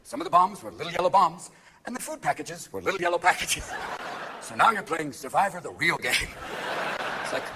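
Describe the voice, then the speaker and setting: A man performing a live stand-up set, firing off manic impressions and sudden shouts. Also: on the high side, animated, a little fast, long pauses. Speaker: stand-up comedian. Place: theater stage before a crowd. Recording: live audience laughter and noise.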